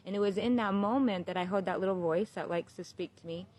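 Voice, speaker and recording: A woman, a new mother, talking to her viewers in a casual, heartfelt monologue, earnest and unhurried, with many fillers like "you know" and "like.". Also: lowish voice, darkish tone. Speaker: new mother sharing a spiritual reflection.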